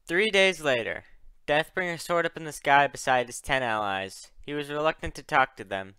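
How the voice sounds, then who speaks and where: Bright, crisp young man reading a story. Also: fairly high pitch, normal speed, no echo. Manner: reads all characters, voices raised for dialogue. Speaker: fan fiction narrator.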